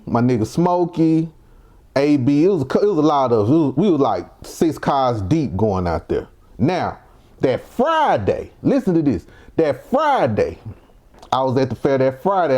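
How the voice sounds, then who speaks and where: A man's voice: mid-range voice, dark tone. A young man from Mississippi, giving heated, provocative reaction commentary full of rhetorical questions. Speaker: commentary vlogger.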